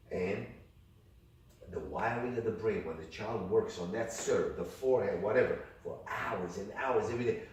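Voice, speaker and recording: An older man teaching a music workshop, talking in an animated way and demonstrating rhythms with sung syllables. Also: lowish voice. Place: indoor workshop room. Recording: echoey room from far off, faint noise.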